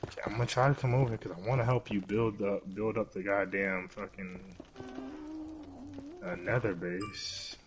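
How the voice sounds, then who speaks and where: A young man giving live gameplay commentary as a streamer, excitable, yelping and swearing at the game. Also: lowish voice, normal speed, noisy background. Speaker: gaming streamer.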